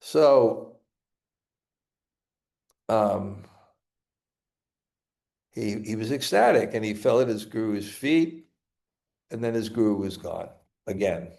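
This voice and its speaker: Lowish, creaky, and slightly mellow, his animated voice carries a Brooklyn accent as he gives a scripture lesson. The spiritual teacher speaks haltingly, often repeating words and beginning again.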